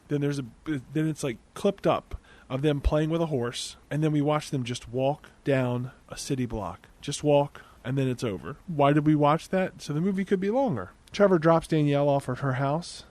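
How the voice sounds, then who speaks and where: A man's voice: medium pitch, darkish tone. A man casually recapping a movie plot, breaking off into sarcastic, incredulous asides. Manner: conversational, with restarts. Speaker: movie reviewer.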